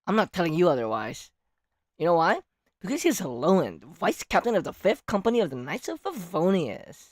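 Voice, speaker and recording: Animated woman streamer losing her voice. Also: fairly low pitch, moderate pace, no room sound, studio quality. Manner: animated, jokey, loud then hushed. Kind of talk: casual game reaction stream.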